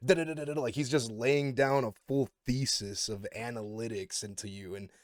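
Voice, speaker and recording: A man's voice: medium pitch, little pitch movement, moderate pace, no echo, clean studio sound. A man hosting a podcast, asking rambling questions in casual talk with swearing. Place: podcast studio.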